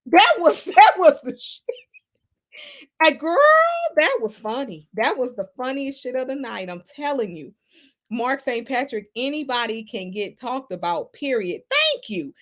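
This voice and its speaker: Sassy high-voiced woman livestream host. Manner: sassy, animated, laughs a lot, Southern Black American slang. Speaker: livestream host reading chat. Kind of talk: casual gossip livestream.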